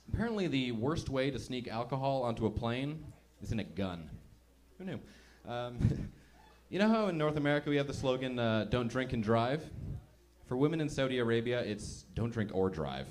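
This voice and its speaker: A man's voice: medium pitch, darkish tone. A man doing a stand-up comedy set in a club, chatty and self-mocking, acting out little voices as he goes.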